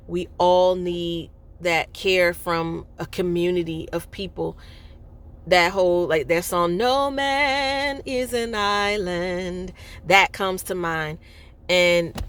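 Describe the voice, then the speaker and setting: A woman's voice: fairly low pitch, a bit bright. A woman telling a personal story in a candid, rambling way, with many fillers and restarts. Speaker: speaker sharing a personal story.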